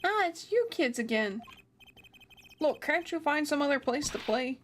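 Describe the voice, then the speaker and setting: A woman voicing a grumpy male police officer, gruff and impatient. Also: sits high, animated, unhurried, fairly bright tone, a little hiss or hum.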